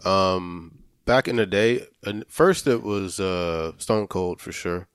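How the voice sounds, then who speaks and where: Deep, smooth-voiced man. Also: slow pace, no echo, clean studio sound. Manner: easygoing, hesitant, lots of ums. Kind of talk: casual chat.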